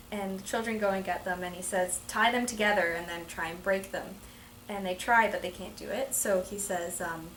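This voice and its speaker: A woman's voice: mid-range voice, a bit bright. A teenage girl student who explains a passage and reads aloud, hesitant with many ums. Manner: hesitant, full of ums and likes. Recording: echoey room with faint noise.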